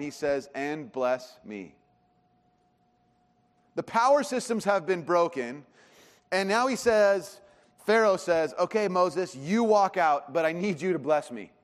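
Animated pastor preaching in a reverberant hall. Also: male voice, medium pitch. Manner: conversational, animated, dropping to quiet emphasis. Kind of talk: sermon.

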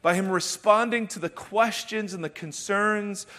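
High-voiced joking pastor in a big hall. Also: male voice, a little slow, bright, forceful tone. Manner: jokey, self-deprecating asides between Bible reading. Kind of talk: sermon. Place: church auditorium. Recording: reverberant church hall.

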